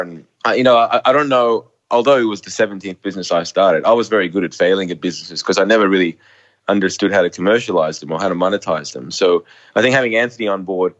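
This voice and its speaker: Low voiced guy talking fast as an interview guest, trips over words, kinda muffled audio. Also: a bit bright. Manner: fast, stumbling, candid. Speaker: guest, company founder. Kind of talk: casual interview. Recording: slightly dull, lo-fi sound.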